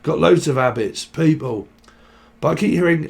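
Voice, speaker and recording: Reading tarot in a loose, meandering way, this man curses and leaps between word associations. His voice is a little high with vocal fry, and he talks at a normal speed.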